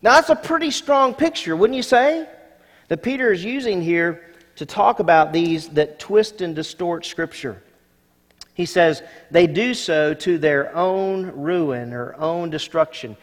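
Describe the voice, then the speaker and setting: A male pastor preaching a sermon, moving from quiet asides to loud, emphatic peaks. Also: sits high, long reverb tail.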